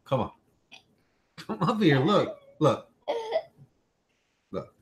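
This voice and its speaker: A man's voice: a little high, big pitch swings, extremely slow. A man hosting a tech livestream from home in a loose, rambling way. He repeats himself and breaks off to talk to his small son. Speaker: tech channel host. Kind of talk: casual livestream chat.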